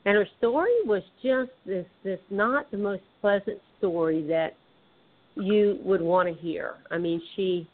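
A woman's voice: medium pitch, measured pace. A woman with a Southern twang, a guest author talking casually with many restarts and fillers. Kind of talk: casual conversation. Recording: tinny phone line.

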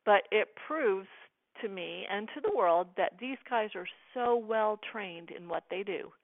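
A woman's voice: medium pitch, animated, measured pace, dry recording. A middle-aged American woman telling a personal story as an interview guest, earnestly acting out the dialogue she quotes. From United States. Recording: tinny phone line.

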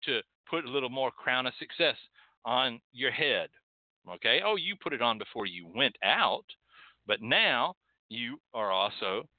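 A man hosts a casual livestream, teaching in an animated, emphatic way and checking in with "okay?" every few sentences. His pitch swings widely from line to line. The sound is dry and tinny, like a phone line. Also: dry recording. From Texas. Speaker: host.

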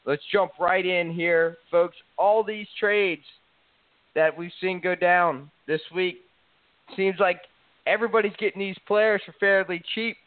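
A man's voice: high-pitched, fairly even intonation, unhurried, dry recording. A man hosting a sports talk show, confident and salesy as he hypes his betting picks. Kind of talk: sports radio banter. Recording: tinny phone-like line, dry.

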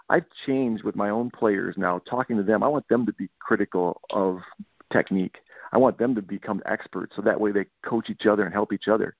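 Middle-aged man, football coach, gravelly low voice, tinny dry phone-like sound. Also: fairly quick, no room sound. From Michigan. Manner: animated storytelling, acts out players' quotes. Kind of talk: podcast interview.

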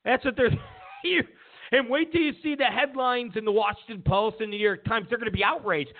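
A man's voice: very high-pitched, normal speed. A man hosting a political commentary show, ranting in a sarcastic, mocking way, stumbling over restarts and mimicking opponents. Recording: tinny phone-like lo-fi sound.

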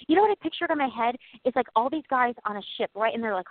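A high-pitched woman co-hosts a casual faith talk, speaking earnestly and warmly encouraging her listeners. Her voice comes through a thin, phone-like channel with a dry, close sound. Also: expressive, fast talker, no echo. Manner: earnest, encouraging, laughs often. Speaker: podcast co-host.

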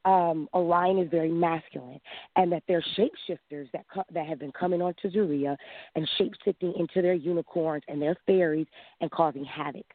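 A woman in her thirties calling in, telling a long personal story in a lively way, acting out quotes and laughing often. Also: fairly low pitch, fairly quick, no room sound. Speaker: caller. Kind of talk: casual storytelling. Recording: dry tinny phone line.

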